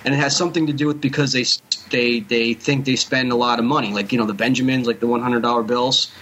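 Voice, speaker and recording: A man's voice: medium pitch, fairly even intonation, quick pace, a bit bright. A man from New Jersey with a Central Jersey accent, co-hosting a podcast in an easygoing, chatty way. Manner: easygoing, chatty explainer, swears casually. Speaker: podcast co-host. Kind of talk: casual chat. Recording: dull lo-fi mic, faint hiss.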